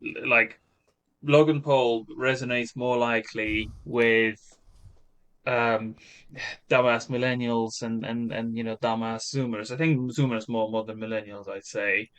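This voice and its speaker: Co-host, bright voice, rambling sardonic chat. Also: male voice, mid-range voice, steady tone, measured pace. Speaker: podcast co-host. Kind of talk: casual chat.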